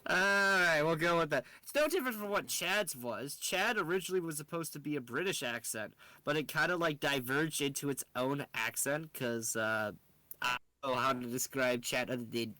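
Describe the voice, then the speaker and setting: A man's voice: mid-range voice, pushed and bright. A man co-hosting a casual podcast, rambling with lots of fillers and laughing easily. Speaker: podcast co-host. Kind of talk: casual chat.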